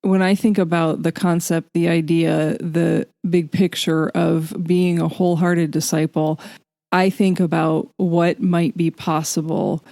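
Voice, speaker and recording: Low-voiced earnest woman, dry close sound. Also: level tone, a little slow, vocal fry, dark tone, no echo. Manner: earnest, candid, laughs easily. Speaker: podcast co-host. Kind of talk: reflective faith podcast chat.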